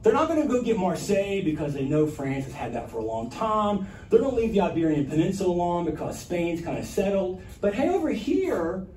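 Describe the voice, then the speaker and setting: A man giving a conversational history talk to a library audience, with animated asides. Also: high-pitched. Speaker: history lecturer. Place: library meeting room. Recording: echoey room, from a distance, faint room noise.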